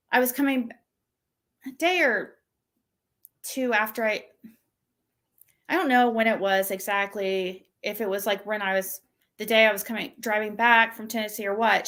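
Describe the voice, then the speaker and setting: A woman hosting her own channel, venting casually and exasperatedly, mimicking the messages she received. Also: pushed and bright. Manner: venting, exasperated, mocks quoted texts in a shrill voice. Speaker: channel host. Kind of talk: casual livestream rant.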